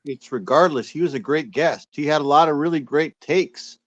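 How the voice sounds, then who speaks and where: A man co-hosting a casual chat, speaking in a measured way and stumbling at the start of sentences. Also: on the high side, a bit bright, no echo, highs cut off.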